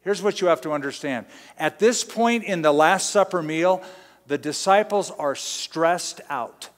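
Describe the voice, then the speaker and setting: A man's voice: fairly high pitch, expressive, a little slow. Man preaching in a reverberant hall. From Southern California. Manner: conversational, storytelling with acted-out quotes. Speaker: pastor. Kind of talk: sermon.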